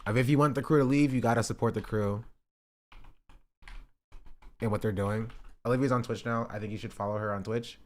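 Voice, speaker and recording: A man's voice: mid-range voice, steady tone, fairly quick, long pauses. A man from North Carolina, streaming and reacting to clips while joking with his chat. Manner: joking, talks back to chat. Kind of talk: casual live-stream reaction commentary.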